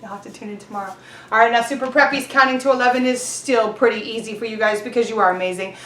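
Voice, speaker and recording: A woman teaching young children in an online class, leading calendar time and storytime in a gentle, encouraging way. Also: on the high side, quick pace, a little hiss or hum. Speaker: preschool teacher.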